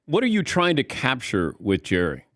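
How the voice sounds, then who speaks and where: Lively male talk show host, dry studio sound. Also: mid-range voice, normal speed, dry recording. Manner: lively, storytelling, conversational. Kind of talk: interview questions and banter.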